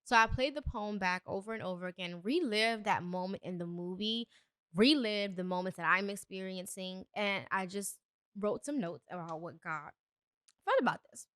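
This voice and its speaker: A young woman hosts a solo motivational podcast, speaking earnestly and a bit preachily with emphatic bursts. Her mid-range voice is fairly bright and at normal speed, recorded in clean studio quality with no room sound.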